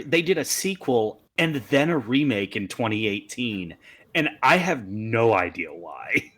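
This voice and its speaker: A man's voice: medium pitch, sing-song, measured pace, a bit bright. A man co-hosting a casual movie podcast, laid-back and wry. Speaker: podcast co-host.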